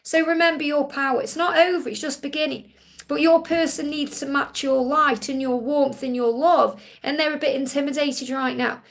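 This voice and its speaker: A psychic hosting a live Q&A speaks in a high-pitched voice with vocal fry, fairly even intonation, and a moderate pace. Her spiritual readings are soothing and reassuring, marked by repeated phrases.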